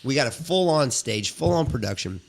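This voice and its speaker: A man guesting on a podcast, telling a profane, animated anecdote in casual chat. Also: medium pitch, fairly quick, gravelly, a little hiss or hum.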